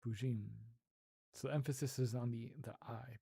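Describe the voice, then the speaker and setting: A man chatting casually on a livestream, giggling and slowly sounding out foreign words. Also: medium pitch, fairly even intonation, gravelly, dark tone, breathy edge. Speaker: streamer.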